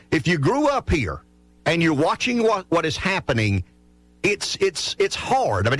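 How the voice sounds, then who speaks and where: A man's voice: a little high, a bit bright, no room sound. A man from South Carolina hosting a call-in radio talk show, talking earnestly and often restarting his sentences. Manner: earnest, stammering restarts when making a point. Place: radio studio.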